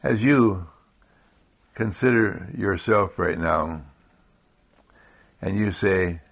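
A man giving a calm spiritual talk in slow, repetitive affirmations. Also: sits low, gravelly. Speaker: spiritual speaker.

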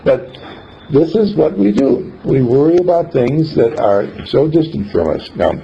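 A man's voice: a little high, very animated, a little slow, vocal fry, dark tone. A man giving an informal spiritual teaching, telling rambling, folksy stories with chuckles between points. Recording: dull lo-fi recording with faint background noise.

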